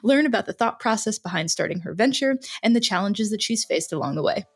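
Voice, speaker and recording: A woman's voice: mid-range voice, animated, quick pace, slightly rough, soft background music. A woman hosting a podcast, reading a polished, enthusiastic intro and then asking interview questions. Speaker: podcast host.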